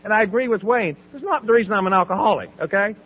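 A man's voice: high voice, fast talker, a little hiss or hum. A middle-aged man from the American South tells his recovery story, acting out conversations and laughing often. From Southern United States. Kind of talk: personal testimony talk. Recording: tinny phone-like audio.

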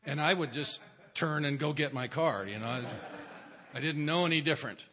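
A man's voice: a little high, a little fast, a bit bright, breathy edge. Wry man telling a story. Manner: wry, self-mocking storyteller. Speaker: recovery meeting speaker. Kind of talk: humorous personal story to a meeting.

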